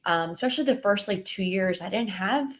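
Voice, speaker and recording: A woman co-hosting a casual chat, a dance studio owner who backs the guest with quick interjections. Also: mid-range voice, animated.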